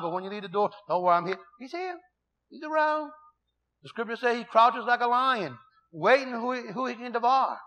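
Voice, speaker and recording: Middle-aged man preaching, pretty high voice, folksy and emphatic, slows right down for scripture. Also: fairly bright tone. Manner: folksy and emphatic, reads scripture slowly, tells stories with quoted dialogue. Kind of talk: sermon with scripture reading and personal stories.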